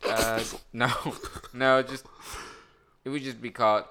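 A man in casual chat, rambling and laughing as he pitches ideas, often slipping into mock voices. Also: level tone, slow, noisy background.

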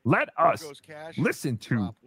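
Animated, congested man hosting a live stream. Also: medium pitch, slow. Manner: animated, reads out donations with exclamations. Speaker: podcast host.

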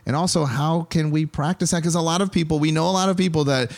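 A man's voice: a little high, fairly even intonation, fast talker, a little mellow. A man hosting a podcast, talking casually and asking his co-host questions with energy.

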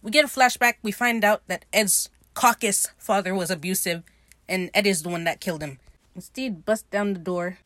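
A woman hosting a podcast recaps a TV episode in a loose, animated, profane way, gushing over the characters. Her voice sits at a medium pitch. The sound is dry and close to the mic. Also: moderate pace, no room sound. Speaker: podcast host.

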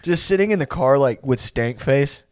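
Young guy rambling thru a story, laughs a ton, swears, pitch jumps all over, dry mic. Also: lively intonation, moderate pace, smooth, no echo. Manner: rambling storytelling, laughing often, quoting others in voices, heavy swearing. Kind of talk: casual chat.

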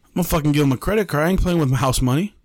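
A man's voice: fairly high pitch, rapid-fire, dry recording. Profane, slangy man telling a story. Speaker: podcast host. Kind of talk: casual storytelling chat.

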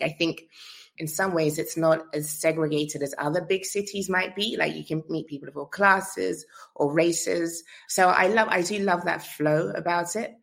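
A thoughtful woman with a London accent, chatting as a podcast guest. Her voice sits low in her range and her talk is relaxed and conversational. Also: creaky. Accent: London English. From London, England. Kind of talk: casual interview chat.

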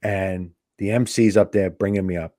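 A man's voice: low voice, normal speed, no echo, clean studio sound. A middle-aged man, a stand-up comedian, telling a story in a casual talk, acting out the people in it. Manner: animated storytelling with acted-out voices. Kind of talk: storytelling on a podcast.

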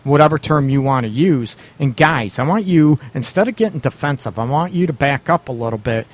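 A man's voice: medium pitch, animated, a little fast. Brief: male radio advice host, blunt and casual, laughs a lot, acts out quotes. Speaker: radio show host giving relationship advice.

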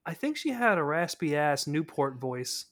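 A man's voice: on the high side, very animated, moderate pace, fairly bright tone. A man co-hosting a casual podcast who jokes around, laughs often, and addresses listeners directly. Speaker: podcast co-host. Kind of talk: casual chat.

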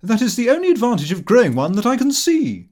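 A man voicing a blunt, cheerful middle-aged gentleman from the country in an audiobook reading. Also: very high-pitched, huge pitch swings, fast talker, voice pushed up, full character voice. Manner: blunt, matter-of-fact remarks.

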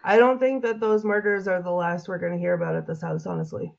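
A woman with a lowish, gravelly voice talks fast in a steady tone, and the audio sounds dull. Interviewed about a frightening paranormal experience, she tells her emotional story in a rambling way. "Like" comes up again and again, along with plenty of restarts.

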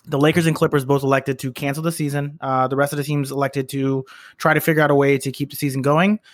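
A man co-hosting a podcast, talking sports in a measured, hesitant way with many fillers. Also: medium pitch, level tone, no echo, studio quality. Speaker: podcast co-host. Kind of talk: sports talk.

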